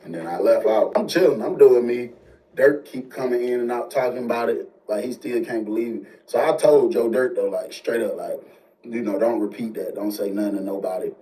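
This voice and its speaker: Guy telling a story all animated, mellow voice, kinda far from the mic. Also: medium pitch. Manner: animated, slangy, fast asides. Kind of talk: casual storytelling. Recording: distant mic with faint noise.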